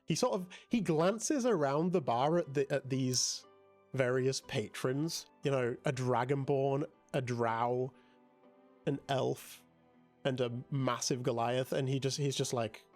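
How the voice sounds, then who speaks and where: A man running a tabletop game as game master, narrating casually with many fillers, with soft music behind. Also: mid-range voice, takes it slowly.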